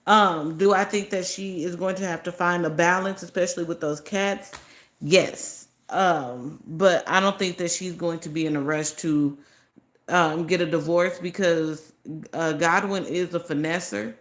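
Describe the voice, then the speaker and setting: A woman's voice: lowish voice, fairly even intonation, unhurried, a bit bright. A woman hosting a casual commentary video, candid and chatty with slangy phrasing. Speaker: commentary host. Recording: roomy echo.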